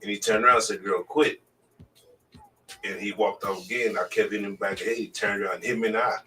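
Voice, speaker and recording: Animated male storyteller, off-mic. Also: lowish voice, very fast, recorded from a distance, soft background music, low-quality recording. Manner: animated storyteller, loud acted-out exclamations. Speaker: podcast co-host. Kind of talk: casual group chat.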